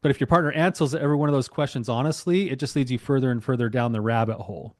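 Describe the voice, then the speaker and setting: A man speaking as a couples therapist in a podcast interview, calmly explaining with examples. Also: medium pitch, racing, no room sound, clean studio sound. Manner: calm, explanatory, gives examples.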